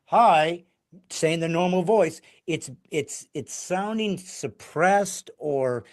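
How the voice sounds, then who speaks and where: A man hosting a podcast, asking excited, rambling questions about ventriloquism. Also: on the high side, takes it slowly. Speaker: podcast host and comedian. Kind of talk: casual podcast interview.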